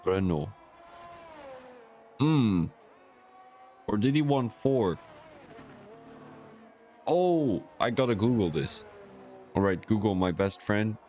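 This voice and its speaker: Low-voiced man doing casual race commentary. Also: animated, slow pace, long pauses, dark tone, lo-fi sound, soft background music. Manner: rambling, joking, chatty asides. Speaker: sim racing league commentator.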